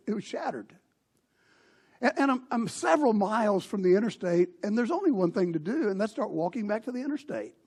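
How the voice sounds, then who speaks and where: Husky-voiced pastor telling a story. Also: male voice, high-pitched. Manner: animated storyteller, swings between loud outbursts and hushed lines. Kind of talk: sermon with personal storytelling. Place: church sanctuary.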